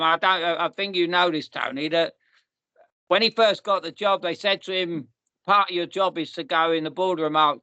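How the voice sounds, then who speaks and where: A man's voice: on the high side, bright, forceful tone, dry recording. A man, hosting a podcast and telling long rambling stories in a casual chat. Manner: rambling, restarts and repeats, storytelling. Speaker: podcast host.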